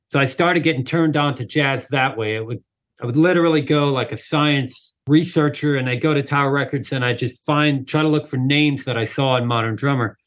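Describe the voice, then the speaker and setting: Medium in pitch and moderate in pace, a male drummer shares a relaxed story on an interview. Fillers like "like" and "you know" pepper his speech as he animatedly plays out each quoted character.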